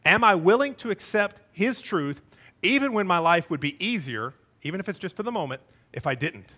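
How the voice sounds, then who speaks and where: A middle-aged man preaching a sermon as a church pastor, animated, acting out quoted voices with wide swings in pitch. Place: church sanctuary.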